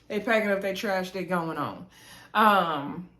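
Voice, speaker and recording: A woman's voice: medium pitch, unhurried. Chatty woman recapping a reality show. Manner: chatty, animated, talks straight to viewers. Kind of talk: casual recap chat. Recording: roomy echo.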